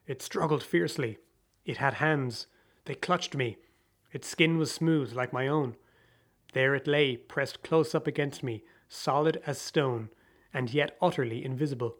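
A man reading a story aloud as a dramatic audiobook narration, with a measured, theatrical delivery. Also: medium pitch.

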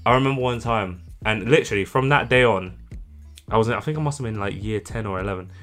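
A man's voice: fairly low pitch, fast talker, faint music behind. A young man co-hosting a podcast, telling a story in casual chat with lots of swearing. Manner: animated, swears a lot. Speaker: podcast co-host.

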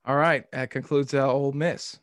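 A man's voice: mid-range voice, flat delivery, unhurried, fairly bright tone. A man co-hosting a sports podcast in casual chat, joking and teasing.

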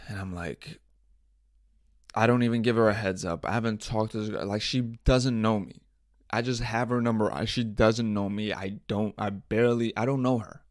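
A man's voice: on the low side, steady tone, normal speed, no echo, studio quality. A young man hosting a casual solo podcast, telling stories in profane slang and laughing often. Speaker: podcast host.

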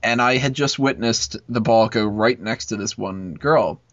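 On a dull lo-fi recording with no room sound, a male podcast host speaks in a lowish, slightly bright voice at an unhurried pace. He rambles through a long, profane school story full of fillers during a casual chat.

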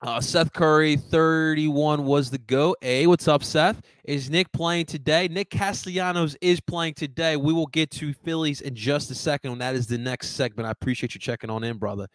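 Young male sports-stream host, fired up and profane, slightly high voice. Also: moderate pace, hardly any pauses, dry recording. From first-generation American. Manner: excitable, swearing, fired up. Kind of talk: livestream sports talk.

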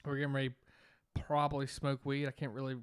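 A man tells a long, profane story at an easy, rambling pace. His voice sits at an ordinary middle pitch. The recording is dry and close, with no room sound. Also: monotone, fast, clean tone, dry recording. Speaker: podcast co-host. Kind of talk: casual storytelling chat.

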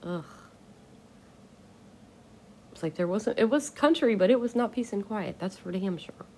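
A woman's voice: medium pitch, lively intonation, measured pace, mellow, slight background noise. A woman hosting a casual solo podcast, ranting bluntly and with exasperation, swearing casually. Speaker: podcast host.

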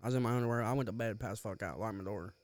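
A man's voice: lowish voice, very fast, dry recording. A young man casually telling a profane story on a podcast, laughing often, close to the mic. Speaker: podcast co-host.

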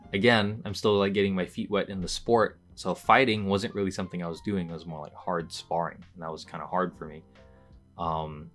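A young man with a deep, low-pitched voice recounts a personal story in a loose, rambling way, leaning on "like" as a filler. His voice leaps up when he relives tense moments, then drops back to an easy murmur. Soft music plays faintly behind him. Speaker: podcast host. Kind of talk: casual storytelling monologue.

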